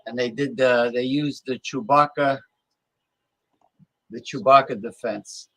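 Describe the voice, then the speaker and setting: Man, talk host, mid-pitched, rambling chatty delivery, dry close recording. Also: fairly even intonation, a little slow, dry recording, rough recording. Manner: rambling, loses his train of thought; loud playful calls to listeners. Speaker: show host. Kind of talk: casual chat.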